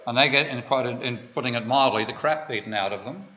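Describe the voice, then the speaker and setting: A man's voice: medium pitch, quick pace, bright, forceful tone. An Australian man giving an economics lecture, digressive and full of wry asides. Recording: dull lo-fi lecture recording.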